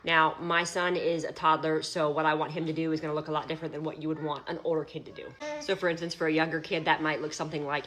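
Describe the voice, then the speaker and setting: Woman, young mother, low pitch, quick pace, matter-of-fact, parenting tips. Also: fairly even intonation, a bit bright. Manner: practical, matter-of-fact, explaining step by step. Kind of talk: direct-to-camera parenting advice.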